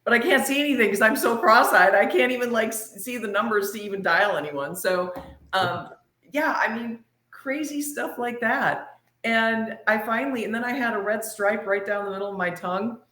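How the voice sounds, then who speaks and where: A woman telling a personal story on a podcast in a lively, laughing way. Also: on the high side, moderate pace, roomy sound. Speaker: podcast guest. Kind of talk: casual storytelling.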